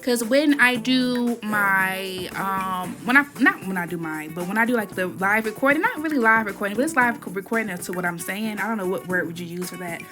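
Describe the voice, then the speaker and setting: Chatty and rambling, a woman narrates her gameplay video directly to her viewers, addressing them as y'all and saying she usually talks low. Recorded on an iPad over music, she sounds expressive and brisk, with hardly any pauses.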